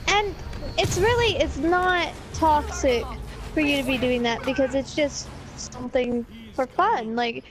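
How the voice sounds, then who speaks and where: High-voiced young woman, blunt and chatty. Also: measured pace, music in the background, poor audio. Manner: blunt, opinionated, casual slang. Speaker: co-host. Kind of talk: casual chat over gameplay.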